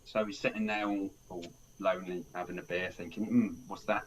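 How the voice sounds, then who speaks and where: A man's voice: low voice, level tone, fairly quick, low-quality recording. Brief: male podcast host, rambling film recap, faint hiss behind. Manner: rambling, restarts a lot, acts out characters' lines. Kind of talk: casual film review chat.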